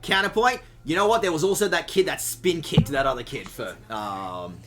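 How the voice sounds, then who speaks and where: A woman's voice: sits low, lively intonation, moderate pace, over music. A woman streaming a horror game, chatting casually and joking with a guest, sarcastic and full of swearing.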